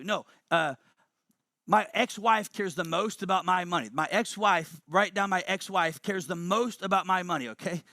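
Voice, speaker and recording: A man's voice: high voice, fairly quick, sharp tone, dry recording, studio quality. A man presenting a motivational money webinar, emphatic and fond of repeating key lines.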